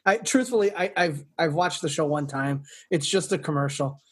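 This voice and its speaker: A man's voice: fairly high pitch, normal speed, breathy edge. A man co-hosting a podcast in casual chat, telling rambling stories with many restarts. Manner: rambling storyteller, restarts often. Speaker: podcast co-host.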